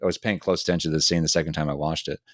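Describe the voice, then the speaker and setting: A man co-hosting a podcast, retelling TV scenes in a fast, animated way with many restarts. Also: extremely low pitch, no echo, clean studio sound. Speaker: podcast co-host. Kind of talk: casual TV discussion.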